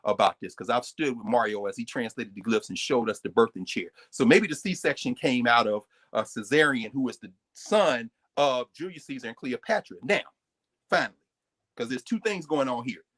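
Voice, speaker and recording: A man giving a live, lecture-style talk as the guest on a recurring segment, animated and digressive, often breaking off his own sentences. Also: medium pitch, moderate pace. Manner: animated, digressive, interrupts himself.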